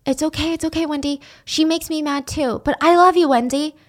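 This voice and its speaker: A woman voicing a young man who coaxes and calms his girlfriend. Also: sits high, fairly quick, voice pushed up, close to an everyday voice. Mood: coaxing. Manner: calming, persuasive. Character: young man, coaxing and soothing boyfriend.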